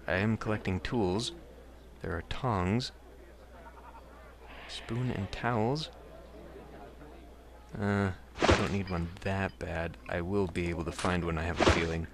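A man playing through a game and commenting in a casual, wry way, reading the on-screen text as he goes. His voice sits on the low side, with a steady hiss in the background. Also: slow pace, long pauses. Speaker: let's play host.

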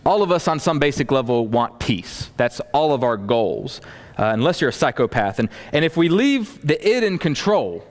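A man preaching a storytelling sermon to a congregation, animated, acting out scenes and adding folksy asides. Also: medium pitch, normal speed. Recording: long hall reverb.

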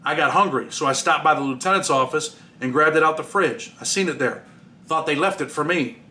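A man's voice: fairly high pitch, a little fast, sharp tone. A man doing a cheeky prisoner thief. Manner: cheeky, offhand. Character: fearless, playful male prisoner and petty thief.

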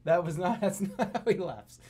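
A man streaming a geography guessing game, talking to his chat in a jokey, animated way. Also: sits high, normal speed, background noise. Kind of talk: casual live-stream commentary.

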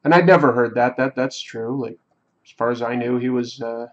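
A man hosting a livestream, telling a story in a rambling, reflective, halting way. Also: mid-range voice, fairly even intonation, highs cut off. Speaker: livestream host. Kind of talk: casual storytelling while drawing on a livestream.

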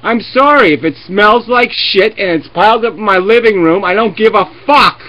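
A man's voice: sits high, normal speed, sharp tone. A man hosting a live video chat, ranting and swearing sarcastically as he argues with callers. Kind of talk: heated live debate. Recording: lo-fi webcam stream audio.

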